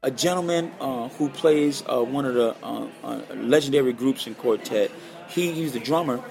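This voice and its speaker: A man guitarist telling an emotional personal story as a guest, animated and repeating phrases for emphasis. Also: mid-range voice, normal speed, creaky, a crowd in the background.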